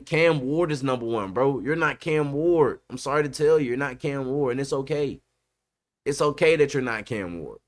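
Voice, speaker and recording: A man hosting a podcast in casual sports chat, emphatic and repetitive, dropping "bro" often. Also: mid-range voice. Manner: emphatic, repeats himself, says bro a lot. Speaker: podcast host.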